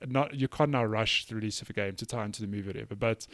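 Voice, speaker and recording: A man co-hosting a casual gaming podcast, easygoing and quick to laugh, with frequent hesitant fillers on a close, dry mic. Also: on the low side, fairly bright tone, no echo. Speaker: podcast co-host.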